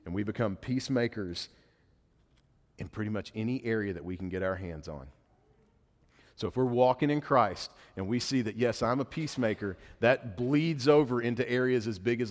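A man's voice: medium pitch, normal speed. A man in his thirties preaching a sermon to a congregation in a casual, conversational way, often acting out what people might say. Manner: conversational preaching, quotes imagined speech. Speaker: pastor. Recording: long hall reverb.

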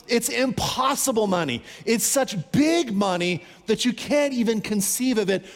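A man preaching a sermon, telling a Bible story in an animated, conversational way and acting out the characters' pleas. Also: high voice, in a large hall. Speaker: pastor.

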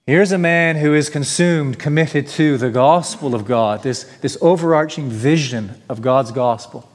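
A man's voice: on the high side, a little slow. A male pastor preaching a sermon, earnest and emphatic, asking rhetorical questions. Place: church sanctuary. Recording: long reverb of a church hall.

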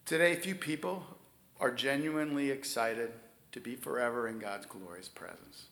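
A man preaching a sermon, stressing key words loudly and then dropping to near-whispers. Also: medium pitch, normal speed, creaky, reverberant. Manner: emphatic preaching, swings from loud stresses to soft near-whispers. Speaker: pastor.

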